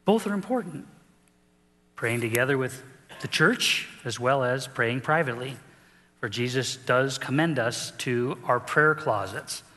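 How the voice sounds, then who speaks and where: Middle-aged male pastor, animated preaching. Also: medium pitch, unhurried, big-room sound. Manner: animated storytelling, acting out characters in the story. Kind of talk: sermon.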